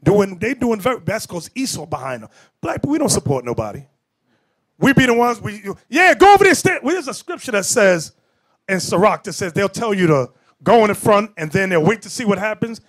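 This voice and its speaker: Man, high voice, very lively pitch, preaching sermon, shouts for emphasis. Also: a little fast. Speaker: bishop preaching. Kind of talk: animated sermon with storytelling.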